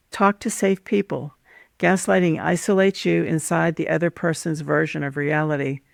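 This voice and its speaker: A woman hosting a show, giving a calm, measured, scripted talk on relationships and laying out her advice point by point. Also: deep voice, creaky, no echo, studio quality. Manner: calm, measured, instructive, lays out numbered points. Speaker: host. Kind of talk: scripted teaching monologue on relationships.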